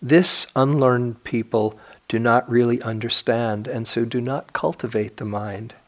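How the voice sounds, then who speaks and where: An older man giving a dharma talk as a meditation teacher, speaking in a reflective way with gentle pauses and restarts. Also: medium pitch, steady tone.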